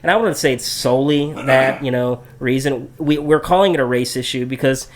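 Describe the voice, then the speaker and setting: A man's voice: mid-range voice, normal speed. A man hosting a podcast in casual discussion, thinking aloud with restarts and many tag questions. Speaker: podcast host.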